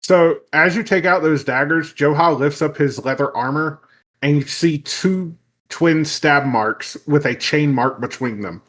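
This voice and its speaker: A man narrating a tabletop game as game master, relaxed with frequent fillers. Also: fairly high pitch, unhurried.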